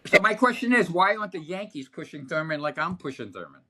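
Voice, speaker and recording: An older man who is a sportswriter, telling rambling, animated stories as a podcast guest with many restarts. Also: fairly high pitch, quick pace. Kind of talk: anecdotal podcast conversation. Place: podcast setup.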